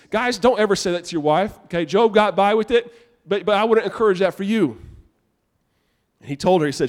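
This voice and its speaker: A young adult man preaching a sermon to a church congregation in a casual, animated conversational way. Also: high-pitched, a little fast. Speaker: pastor. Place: church sanctuary.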